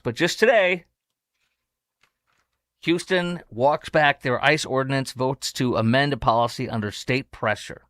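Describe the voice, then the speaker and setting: A man's voice: mid-range voice, fairly bright tone, dry recording. Combative male podcast host, dry sound. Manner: combative, sarcastic, rambling with restarts. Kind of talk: opinionated political commentary.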